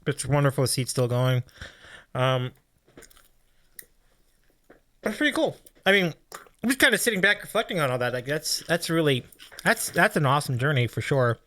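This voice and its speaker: Lively, effusive male interview host. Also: a little high, fairly quick, dry recording. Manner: animated, effusive, says "like" and "really cool" often. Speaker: podcast host. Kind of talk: casual interview chat.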